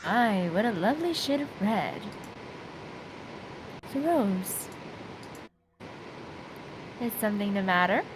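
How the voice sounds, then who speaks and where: A poised mansion maid, voiced by a woman in a casual game read-through answers with calm politeness and a faint tease. Her mid-height voice moves lively up and down. Clear noise sits beneath the recording. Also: medium pitch, slow, pauses often. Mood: composed.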